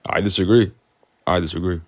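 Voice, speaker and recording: A young man in his late teens calls in, his very deep voice sounding dry and close. He speaks haltingly, with many pauses and fillers. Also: fairly even intonation, dry recording. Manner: hesitant, halting. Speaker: caller. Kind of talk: call-in debate.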